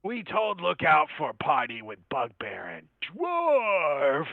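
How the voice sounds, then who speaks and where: A man's voice: fairly high pitch, wildly swooping pitch, creaky, dry recording, heavily acted. A man doing a grunting goblin man. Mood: gruff. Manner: slow, loud, clipped broken speech. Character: gruff male goblin grunting broken words. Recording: tinny dry phone-like line.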